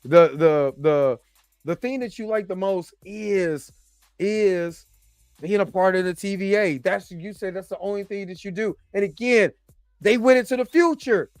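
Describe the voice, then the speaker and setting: High-voiced guy doing a chatty reaction review, joking around, dry sound. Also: unhurried, clear, resonant tone, dry recording, soft background music. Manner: animated, joking, talks to the audience. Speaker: host and movie reviewer.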